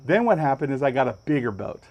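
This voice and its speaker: A man hosting a podcast, telling a story with lots of energy and jumping up high when he acts out other people's lines. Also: big pitch swings, fast, muffled recording. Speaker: podcast host. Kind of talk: animated storytelling. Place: podcast studio.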